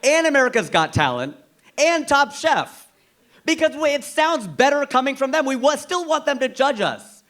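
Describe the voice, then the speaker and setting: An American man doing a stand-up set, telling stories with animated, punchy delivery and big emphatic swings. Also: very high-pitched, normal speed. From United States. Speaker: stand-up comedian.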